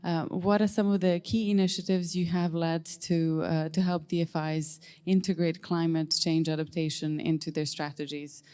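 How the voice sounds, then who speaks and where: A woman's voice: low voice, fairly even intonation, normal speed, hardly any pauses, mellow, smooth. A woman moderating a conference panel, introducing speakers politely with some hesitations.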